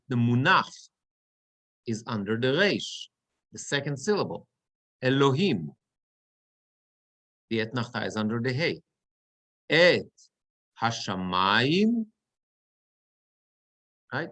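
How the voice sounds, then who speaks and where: Slow-speaking man teaching a class. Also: medium pitch, bright, forceful tone. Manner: slow, halting, with many restarts. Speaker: cantor teaching Torah reading. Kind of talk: online class instruction. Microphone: video call.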